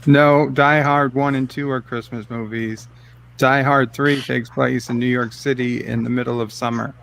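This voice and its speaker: A man's voice: medium pitch, fairly even intonation, moderate pace, creaky, fairly bright tone, a little hiss or hum. A man hosting a casual movie-reaction chat, easygoing and jokey. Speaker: host.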